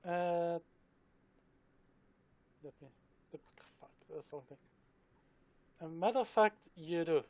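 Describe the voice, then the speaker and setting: A man running a tabletop game session, casual and hesitant, muttering quiet asides as he checks his notes. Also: on the high side, slow pace, pauses often. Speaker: game master.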